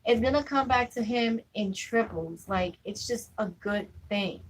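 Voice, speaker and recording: A young adult woman with a mid-range, breathy-edged voice chats casually with viewers on a live stream at a measured pace, captured in a low-quality recording. She's chatty, full of asides and fillers like "you know what I'm saying."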